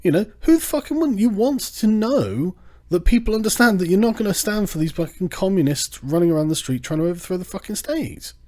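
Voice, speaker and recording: Male channel host, mellow low timbre, swears freely, sarcastic and heated in a loose livestream rant. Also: fairly quick. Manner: profane, sarcastic, animated.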